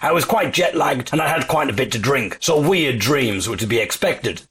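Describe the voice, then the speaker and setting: A man with an English accent recording a spoken audio diary in a hotel room, storytelling wryly and deadpan with mock-dramatic emphasis. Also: mid-range voice, normal speed. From England. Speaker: folk musician and audio diarist. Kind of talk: casual spoken diary with dry humour.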